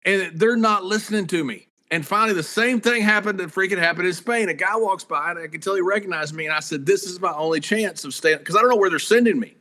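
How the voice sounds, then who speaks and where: Bright-voiced man telling road stories. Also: high-pitched, quick pace, hardly any pauses. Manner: animated anecdotes, swearing, acting out voices. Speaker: guest, former wrestler and commentator. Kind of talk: casual storytelling.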